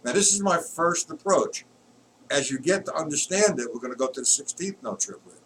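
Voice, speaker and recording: A man teaching drums in a live-streamed lesson, explaining patterns patiently and counting beats aloud loudly while he plays. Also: on the high side, lively intonation, fairly quick, a little hiss or hum. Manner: explains patiently, checks if students follow. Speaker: drum teacher. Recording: distant mic with loud drumming.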